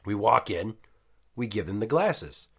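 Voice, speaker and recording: A man's voice: on the low side, measured pace, creaky, slightly rough. A man in his thirties, a podcast host, telling a story at home with lots of swearing and acted-out quotes. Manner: profane, animated, acts out quotes. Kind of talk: casual storytelling.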